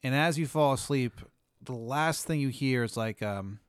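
Smooth-voiced man narrating a game. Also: medium pitch, normal speed, no echo, clean studio sound. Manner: rambling, full of fillers. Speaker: game master. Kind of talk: narrating an improvised role-play game.

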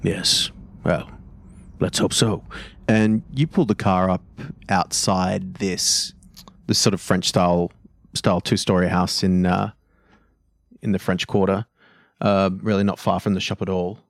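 A man narrating as game master of a tabletop game, relaxed and halting with fillers. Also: deep voice, gravelly, no echo.

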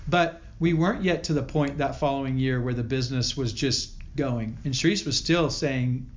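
A man guest on a podcast telling a personal story in an earnest way, often stopping and restarting his sentences. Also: mid-range voice. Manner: earnest, halting with many restarts. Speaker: podcast guest, company founder. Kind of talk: storytelling interview. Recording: dull lo-fi audio.

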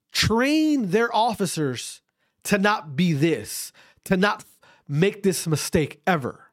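Someone rants straight to camera with their opinion, speaking slowly and deliberately. Their pitch swings widely as they pound on repeated rhetorical questions, and the tone is blunt, with swearing for emphasis.

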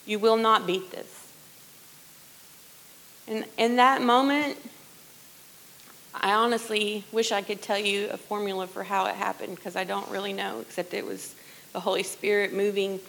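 A middle-aged woman sharing a personal testimony in church, earnest and conversational, often dropping to a hushed voice. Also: medium pitch, steady tone, moderate pace, vocal fry, pauses often, poor audio. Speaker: worship leader sharing testimony.

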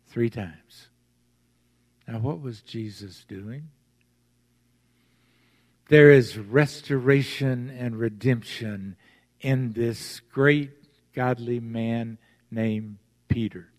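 A man's voice: mid-range voice, slow pace, pauses often. A man preaching a sermon as pastor, retelling the story and acting out its voices. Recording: long hall reverb.

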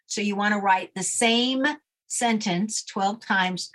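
Woman guest, self-assured coach, plain mid-pitched voice, matter-of-fact delivery. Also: steady tone, slow, fairly bright tone. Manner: confident, matter-of-fact instructions. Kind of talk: instructional interview talk.

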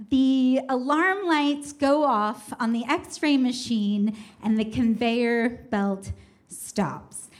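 Woman storyteller, high voice, unhurried delivery, wry and self-mocking. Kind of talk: first-person comic storytelling.

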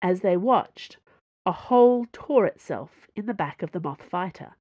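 A woman hosting a podcast and reading her own serialized fiction aloud in an expressive, animated storytelling manner. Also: fairly low pitch, unhurried, no echo, dull audio.

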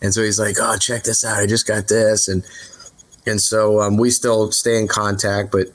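A rock singer being interviewed, telling rambling road stories in a relaxed, candid way, full of fillers and restarts. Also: male voice, lowish voice, moderate pace. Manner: relaxed, candid, mildly profane. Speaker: rock singer, podcast guest. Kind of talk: casual interview storytelling.

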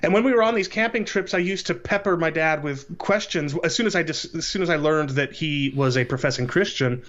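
A man in his late thirties, a podcast guest, telling his life story in a casual interview in an earnest, measured way. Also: fairly high pitch, fairly bright tone. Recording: slightly dull lo-fi audio.

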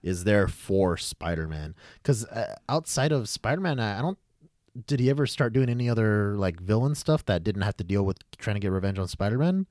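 Excitable, swearing podcast host. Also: male voice, lowish voice, fairly quick, no room sound, clean studio sound. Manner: excitable, rambling, swears freely. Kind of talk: casual chat.

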